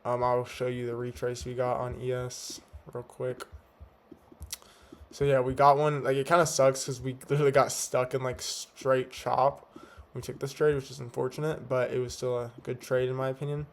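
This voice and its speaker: In a flat, mid-range voice at normal speed, a young day trader gives a laid-back, slangy rundown of his trades from home at night. A slight lisp comes from his teeth whitening strips, and there's a little background noise.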